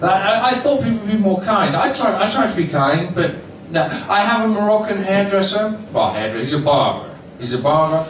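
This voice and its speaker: A man's voice: high-pitched, lively intonation, fairly quick, few pauses, slight background noise. An older man performing a stand-up set in an underground comedy club, poking fun at himself and chuckling at his own lines. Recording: echoey club mic, heard from far. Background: audience laughter.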